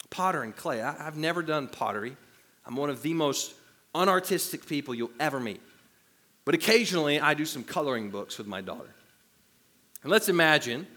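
Bright, lively male pastor preaching. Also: on the high side. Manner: animated, self-deprecating humor. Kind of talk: sermon.

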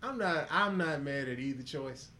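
Pitched fairly high, bright and pushed, this man talks at a normal speed with lively intonation. He's a podcast co-host in relaxed chat, firing off profane jokes and cracking up.

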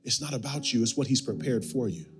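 A pastor preaching a sermon, repeating phrases and calling the congregation to respond. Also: male voice, mid-range voice, fast. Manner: repetitive, building preaching with call-and-response. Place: church sanctuary.

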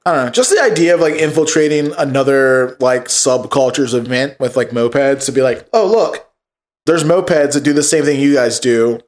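A man's voice: medium pitch, fairly quick, hardly any pauses. Easygoing, slangy young man. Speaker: podcast guest. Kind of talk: casual chat.

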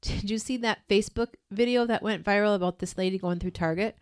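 A woman's voice: mid-range voice, fairly quick, clear, resonant tone. A woman in her thirties co-hosting a podcast in casual, enthusiastic, teasing chat. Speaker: podcast co-host.

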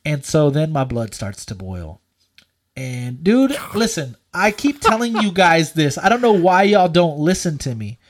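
A man telling a story in casual chat, animated and profane, full of likes and dudes. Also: a little high, measured pace, a little hiss or hum.

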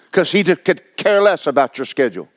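A man's voice: a little high, dry recording. A man preaching a blunt, exhorting sermon, firing rhetorical questions at his congregation. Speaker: pastor.

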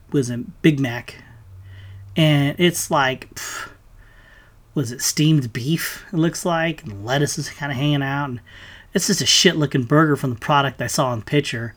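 A man's voice: on the high side, fairly bright tone. A man hosting his own show, delivering a heated, profane, sarcastic solo rant to his listeners. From United States. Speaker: podcast host.

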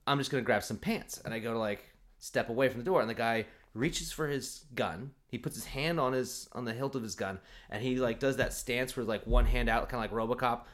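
A man's voice: medium pitch, a little fast. A man casually telling a comic personal story, acting out the voices in his quotes and laughing often. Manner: animated, acts out quotes, laughs often, many fillers.

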